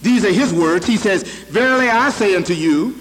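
A man's voice: high-pitched, lively intonation, normal speed, a bit bright, long reverb tail. A male preacher giving an emphatic, repetitive sermon, speaking directly to his congregation in a church.

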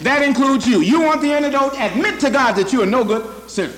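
High-voiced man preaching in a hall. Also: lively intonation, fairly quick, a bit bright. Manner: emphatic, repetitive, addresses the congregation directly. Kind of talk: sermon. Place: church hall with congregation.

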